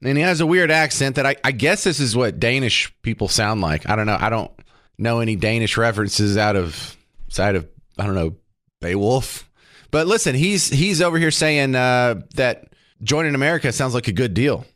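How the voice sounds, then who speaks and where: A man's voice: mid-range voice, lively intonation, moderate pace, a bit bright, no room sound, clean studio sound. A man hosting a talk radio show, joking and rambling with sarcastic asides. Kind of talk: casual opinionated radio talk. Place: radio studio.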